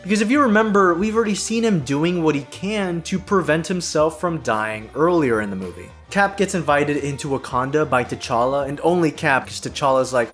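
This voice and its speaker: A man's voice: a little high, expressive, normal speed, hardly any pauses, a bit bright, faint music behind. A man hosting a casual film recap, sarcastic and joking, with frequent swearing. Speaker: video essay host.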